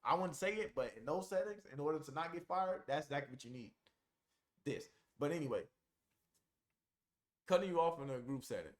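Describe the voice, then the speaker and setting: A man's voice: fairly high pitch, lively intonation, a little fast, pauses often. A man talking casually to camera, giving blunt, informal advice and repeating his points for emphasis.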